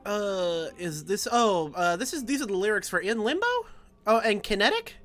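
Game co-host, playful, giggly, trails off, very lively pitch, faint background music. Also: normal speed. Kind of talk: casual co-op game chat.

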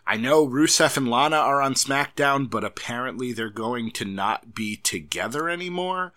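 A man co-hosting a podcast in casual chat, rambling along and poking fun at himself. His bright voice moves around a lot in pitch. He talks loosely and unscripted. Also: expressive, normal speed. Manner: rambling, self-deprecating. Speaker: podcast co-host.

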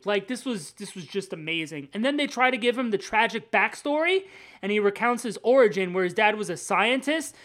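A woman co-hosts a casual comics podcast, chatting in an animated way. She swears freely and slips into playful voices for the quotes. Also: mid-range voice, normal speed. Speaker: podcast co-host. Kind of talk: casual chat about comics.

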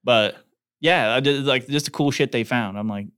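A man in casual podcast banter who laughs a lot and keeps saying dude between crude jokes. His voice sits at an ordinary pitch, and it is recorded close and dry. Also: normal speed, fairly bright tone, clear, resonant tone, no room sound. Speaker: podcast co-host.

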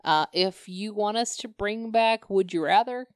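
A woman's voice: medium pitch, a little slow, no echo, studio quality. A woman co-hosting a podcast in casual chat, opinionated and laughing often. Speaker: podcast co-host.

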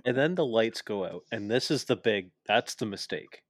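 Brief: young male co-host, lowish voice, dry close sound, opinionated rambling talker. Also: animated, normal speed, no room sound. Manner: opinionated, explains at length with many fillers. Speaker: podcast co-host. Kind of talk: casual chat.

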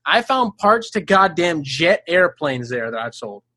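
High-voiced man telling a wild story. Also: a little slow, no echo. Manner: animated storyteller, swears freely, laughs mid-sentence; acts out voices in quoted lines, jumping up high. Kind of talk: casual chat.

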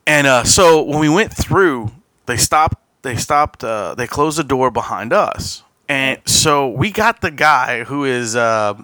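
A man's voice: medium pitch, expressive, slow pace, bright, forceful tone, dry recording. A man hosting a podcast, telling a long casual story with frequent restarts and quoted asides. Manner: rambling anecdote with laughs and quoted asides. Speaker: podcast host.

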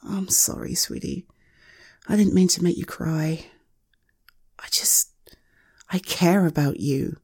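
Woman as a soft, husky, caring partner. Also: sits low, no room sound, whispered, clean studio sound. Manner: gentle, soothing, hesitant with many pauses. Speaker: audio role-play performer. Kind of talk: one-sided audio role-play as a caring partner.

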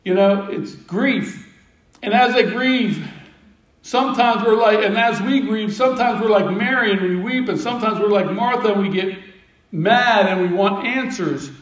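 High-voiced preacher, distant and echoey. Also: male voice, moderate pace. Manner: storytelling, acting out disciples' voices with humor. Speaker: pastor. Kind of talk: sermon.

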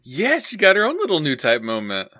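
A man co-hosting a casual anime recap podcast, making relaxed, dry comments. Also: a little high, brisk, dry recording. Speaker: podcast co-host.

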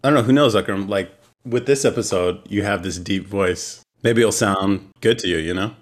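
Male co-host, mid-pitched voice, playful and teasing, easy conversational rhythm. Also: moderate pace. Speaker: podcast co-host and editor. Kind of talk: casual chat.

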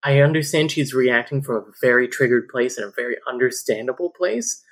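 A man's voice: medium pitch, brisk. A man chatting casually as a podcast guest, joking and swearing freely.

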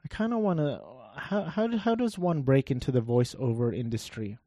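A man with a dark, mellow and flat monotone voice talks through a game in a loose, wry commentary. He rambles and swears now and then. The sound is dry and close. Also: mid-range voice, moderate pace, no echo. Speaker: gameplay commentator. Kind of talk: casual gameplay commentary.

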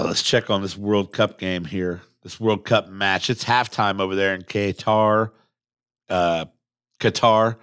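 A man hosting a sports podcast, talking casually in a rambling, excitable way with some swearing, recorded at a microphone. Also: on the low side, slow, vocal fry, smooth, no room sound, clean studio sound. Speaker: podcast host. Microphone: studio microphone.

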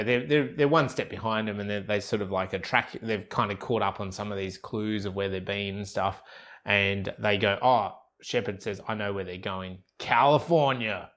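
Podcast co-host, man, low voice, chatty film recap. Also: fairly bright tone. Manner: chatty, laughs often, retells scenes. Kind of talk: casual film recap chat.

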